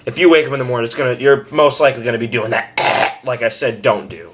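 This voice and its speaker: A man's voice: mid-range voice, quick pace. Rambling young man teaching screaming. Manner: rambling, self-deprecating, with loud demo screams. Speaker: screaming vocal tutor. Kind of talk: casual vlog tutorial.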